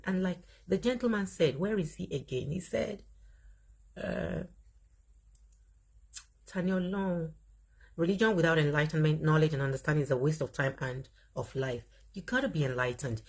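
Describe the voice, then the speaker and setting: A Nigerian woman hosts a live online chat in a deep, husky, slightly breathy voice, speaking at a moderate pace and pausing often. She is animated, laughs often and talks straight to her viewers. Between her own remarks she reads their comments aloud.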